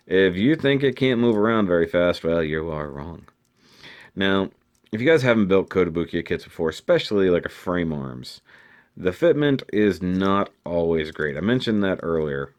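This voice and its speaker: Low-voiced man reviewing a model kit. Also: lively intonation, moderate pace. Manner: chatty, thinking aloud while handling the kit. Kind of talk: casual product review.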